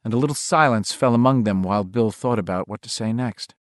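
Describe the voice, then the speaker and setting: A man narrating a novel in a measured, expressive reading. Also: fairly low pitch, no room sound. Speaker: audiobook narrator.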